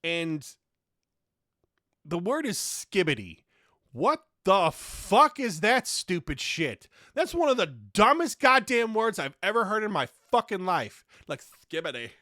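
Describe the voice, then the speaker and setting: A man's voice: high-pitched, big pitch swings, a little slow, pushed and bright, no echo, clean studio sound. A man hosting a podcast, delivering a profane comedic rant with heavy swearing and exasperated outbursts. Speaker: podcast host.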